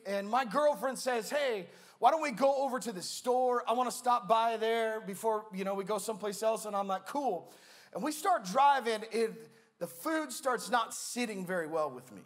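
A young man preaching a sermon as a pastor, playful and animated, acting out a funny story from his own life. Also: high voice.

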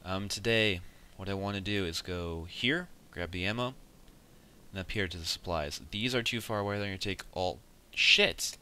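Young male let's player, deep and edgy, easily annoyed, swears constantly; faint background hiss. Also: normal speed, sharp tone. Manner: frustrated, swears often, mutters at the game. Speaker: let's play gamer. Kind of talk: casual gameplay commentary.

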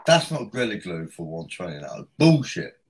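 A man's voice: low voice, sing-song, a little fast. Brash mocking man on a live call. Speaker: livestream guest. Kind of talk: casual crude banter.

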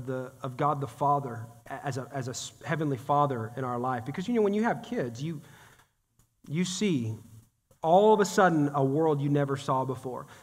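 Man, pastor, sermon, high-pitched voice, conversational and joking, talks straight to the congregation, long church-hall reverb. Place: church sanctuary.

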